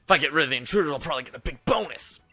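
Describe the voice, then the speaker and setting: A man voicing a gruff, greedy low-level male company employee in a game, speaking a bit lower and quieter. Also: animated, racing, no room sound, heavily acted. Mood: threatening.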